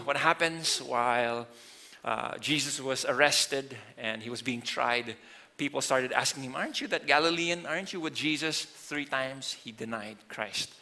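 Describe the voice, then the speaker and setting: Bright-voiced man preaching a sermon. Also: mid-range voice. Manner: earnest preaching, swings between loud emphasis and quiet. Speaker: pastor.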